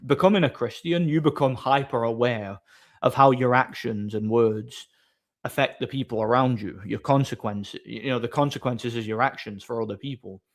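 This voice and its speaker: A man's voice: medium pitch, normal speed. A man chatting casually on a live stream, rambling as he answers his chat's comments.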